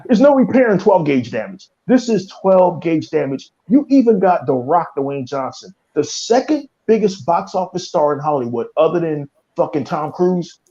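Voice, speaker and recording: A man's voice: fairly high pitch, very animated, normal speed, hardly any pauses, dark tone, highs cut off. A male podcast host in a heated, profane rant. He repeats himself and swears constantly. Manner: fiery, cursing, repeats himself.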